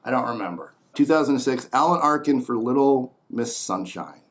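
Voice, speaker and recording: A man's voice: mid-range voice, lively intonation, normal speed. A man rambling through a casual comedic monologue, blunt and opinionated, trailing into muttered asides. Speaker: host.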